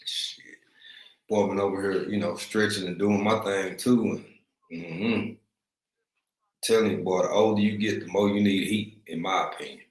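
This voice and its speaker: A man from East Texas with a Texan accent, his voice sitting low as he hosts a relaxed livestream. He talks slangy and easygoing, greeting viewers in the chat. The sound carries the echo of the room he's in. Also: moderate pace. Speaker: livestream host. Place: room at home, in Africa.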